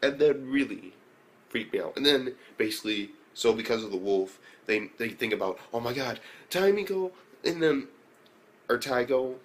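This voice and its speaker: A man casually recapping an anime episode, swearing often and breaking into loud, exclaimed reactions. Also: medium pitch, moderate pace. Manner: loose, profane retelling with loud exclaimed reactions. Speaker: anime reviewer.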